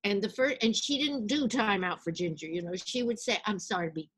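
With a husky, medium-pitched voice and a slightly fast delivery, this older actress brings her memories to life in an interview, voicing the people she quotes.

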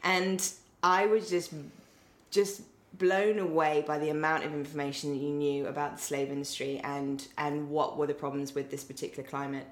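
English woman, podcast host, low voice, chatty and playful, echoey room. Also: flat delivery, moderate pace. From England. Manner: chatty and playful, laughs often, rambling asides. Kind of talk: casual chat.

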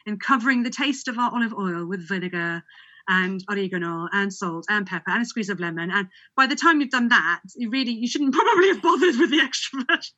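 Bright-voiced British woman, chatty. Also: medium pitch, fairly quick, dull audio. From Britain. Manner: chatty, laughs often, many restarts. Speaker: olive oil expert guest. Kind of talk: casual conversational interview.

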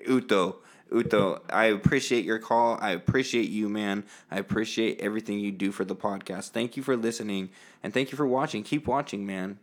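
A man's voice: fairly low pitch, fairly quick. Laid-back stammering male podcast host. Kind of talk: casual podcast chat.

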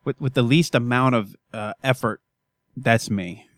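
Male podcast co-host, deadpan storyteller, crude humor, dry studio sound. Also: medium pitch, unhurried, dry recording. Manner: wry, deadpan storytelling with cursing. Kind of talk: casual profane chat.

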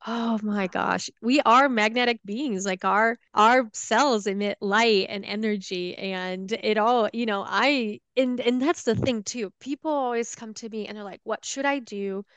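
Woman, support group leader, smooth clear voice, dry close mic, earnest and reassuring. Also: fairly high pitch, measured pace, few pauses, a bit bright, dry recording. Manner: reassuring, earnest, thoughtful, trails off and restarts. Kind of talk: casual conversation.

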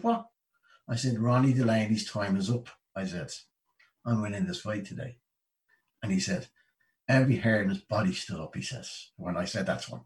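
A man's voice: mid-range voice, recorded from a distance, poor audio. A middle-aged Irish man telling stories in an interview, rambling and full of "you know what I mean". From Ireland. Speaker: interview guest, retired Olympic boxer. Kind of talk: casual storytelling interview.

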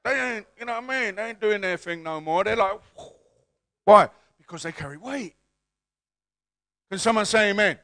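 A man preaching a sermon in a church with a high, bright voice. He coaxes the congregation to repeat after him and swells from easy talk to loud, fervent peaks. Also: fairly quick. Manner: call-and-response preaching, swelling to shouts. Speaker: pastor.

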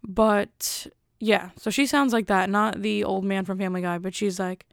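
A woman's voice: medium pitch, fairly even intonation, normal speed, vocal fry, no echo, clean studio sound. A young woman vlogger chatting casually and rambling, often interrupting herself. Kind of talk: casual rambling chat to camera.

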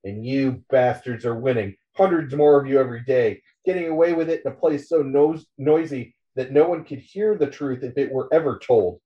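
A man's voice: medium pitch, moderate pace, few pauses, recorded from a distance, highs cut off, natural voice. A man voicing an angry, cynical male journalist who delivers a profane, scathing tirade. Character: furious cynical male journalist ranting at a crowd.

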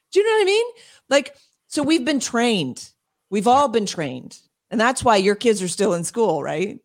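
A woman speaking as an interview guest and homeschool advocate, emphatic and quick, with frequent laughs and restarts. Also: fairly high pitch, big pitch swings. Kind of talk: passionate interview talk.

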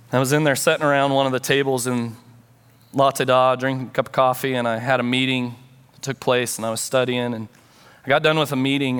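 A man's voice: medium pitch, a bit bright, clear, resonant tone. A man pastor delivering a sermon, telling a story with earnest feeling and acting out prayers and conversations.

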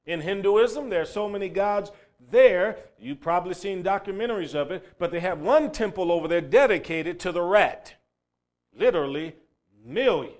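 A man preaching a sermon who swings between loud, emphatic bursts and low, quiet passages, and tells stories along the way. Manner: storytelling, acting out a crying child's shouts.

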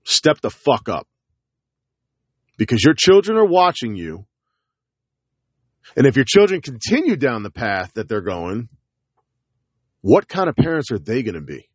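A man's voice: big pitch swings, unhurried, pauses often, no echo. Blunt, profane man ranting to camera. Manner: blunt, profane, hammering short repeated phrases; alternates forceful jabs with low, gruff asides. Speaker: parent addressing viewers. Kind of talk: heated direct-to-camera monologue.

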